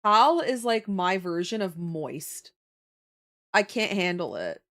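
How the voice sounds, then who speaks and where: A woman's voice: lowish voice, slow pace. Chatty woman streamer. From Canada. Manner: animated and chatty, laughs often, answers viewer comments. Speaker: livestreamer. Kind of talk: casual chat with live viewers.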